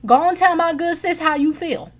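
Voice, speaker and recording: A woman's voice: extremely high pitch, moderate pace, pitched above the performer's own voice. A woman mimicking a sassy young woman who is taunting and protective, with a mocking, emphatic delivery.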